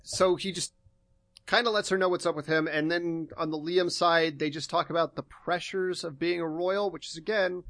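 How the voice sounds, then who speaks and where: A young man co-hosting a podcast, casually recapping a TV episode in a relaxed, meandering way. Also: a little high, moderate pace, dry recording. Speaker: podcast co-host.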